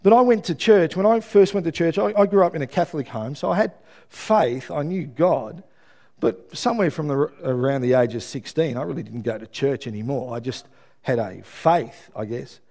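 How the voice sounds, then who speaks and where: A middle-aged Australian man preaching a sermon, telling a personal story with lively, acted-out quotes and asides. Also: on the high side, normal speed. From Melbourne, Australia.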